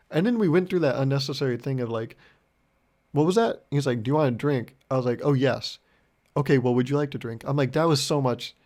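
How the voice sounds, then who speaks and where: Gravelly young man telling rambling stories. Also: mid-range voice. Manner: deadpan, rambling, swears a lot, acts out both sides of conversations. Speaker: podcast host. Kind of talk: solo comedic storytelling podcast.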